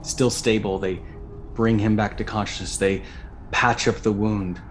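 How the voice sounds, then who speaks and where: A man running a tabletop game as dungeon master, narrating in a measured storytelling way and briefly voicing characters. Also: lowish voice, level tone, slight background noise.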